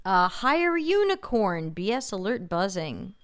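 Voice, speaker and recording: A woman's voice: mid-range voice, big pitch swings, unhurried, clean tone. A woman with a light New York accent hosting a live stream, reading out chat comments and giving blunt, sardonic commentary. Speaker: livestream host.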